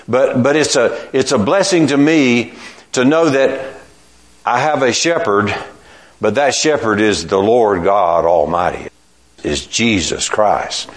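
An older man preaching an informal sermon, slow and reflective, often restarting his phrases. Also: on the low side.

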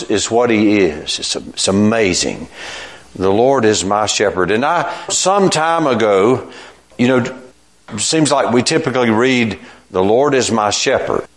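An older man preaching an informal sermon, slow and reflective, often restarting his phrases. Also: medium pitch.

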